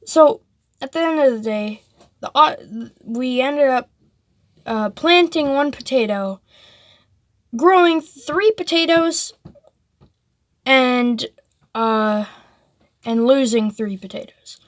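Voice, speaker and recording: A woman's voice: sits high, takes it slowly, pauses often, no echo. A woman telling a story casually, rambling with lots of "like" and restarts.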